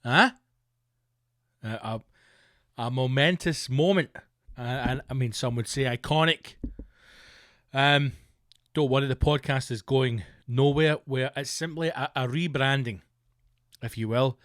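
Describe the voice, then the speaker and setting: A man's voice: medium pitch, unhurried, long pauses, a bit bright, dry recording, studio quality. A Scottish man hosting his podcast, a comedian rambling through a jokey, self-mocking monologue. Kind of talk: casual comic monologue.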